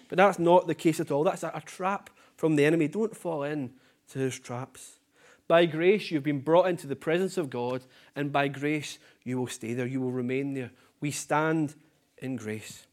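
A male preacher with a fairly high-pitched voice delivers an earnest sermon. He leans on repetition for emphasis and lets his phrase endings drop quietly.

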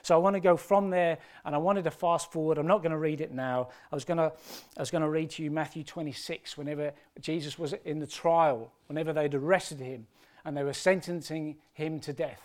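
Man, preacher, sermon, impassioned, swings from hushed to loud, slightly high voice. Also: fairly even intonation, a little fast.

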